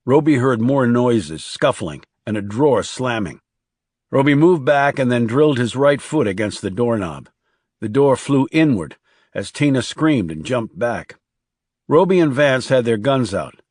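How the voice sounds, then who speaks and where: Narrating a crime thriller audiobook from a script, a man uses his mid-range voice for a measured, even delivery. There's no echo, and the studio sound is clean.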